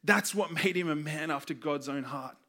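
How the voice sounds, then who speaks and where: A man's voice: on the high side, normal speed, sharp tone. A man preaching a sermon, telling stories earnestly and acting out the people in them. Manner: earnest storytelling, acts out quoted voices.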